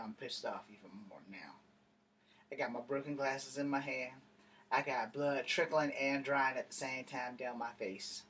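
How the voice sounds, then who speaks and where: A man's voice: medium pitch, a bit bright, slightly rough. A man telling a story in a casual vlog rant, blunt and heavy on profanity. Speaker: vlogger. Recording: distant mic with faint ambient noise.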